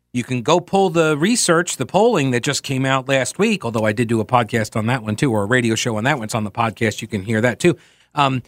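A man's voice: on the high side, a bit bright, no echo, clean studio sound. A man hosting a political talk radio show, speaking casually and with strong opinions, musing aloud and reading listener messages. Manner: opinionated, rambling, reads listener emails aloud.

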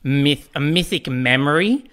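A man's voice: on the high side, lively intonation, measured pace, fairly bright tone. An Australian man from Newcastle co-hosting a podcast, explaining things in a wry, casual way with the odd swear. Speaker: podcast co-host. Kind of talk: casual film chat.

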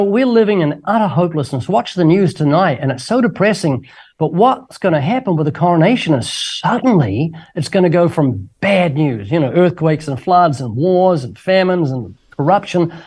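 A man's voice: fairly high pitch, lively intonation, darkish tone, slightly rough. An older man, a guest evangelist in a radio interview, talking with eager, jokey enthusiasm. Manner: enthusiastic, jokey, quick talker.

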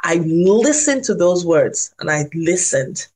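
A woman who is a family doctor and parenting coach, speaking reflectively in a podcast and telling a personal story with pauses. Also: fairly low pitch, big pitch swings, darkish tone.

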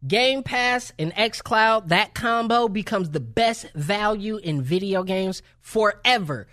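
A man's voice: sits high, expressive, slow pace, pushed and bright, dry recording, studio quality. A man hosting a gaming podcast in casual chat, joking and rambling a little. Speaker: podcast host. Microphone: studio mic.

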